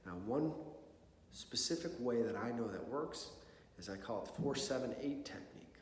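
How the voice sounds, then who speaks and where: A man's voice: medium pitch, lively intonation, moderate pace, a little hiss or hum. A man giving a conversational talk to an audience on mental preparedness, often checking in with "okay?" and "right?". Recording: echoey hall with long reverb.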